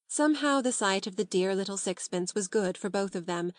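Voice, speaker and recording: A woman narrating a classic novel as an audiobook, in a calm, measured, unhurried way. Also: mid-range voice, no room sound, clean studio sound.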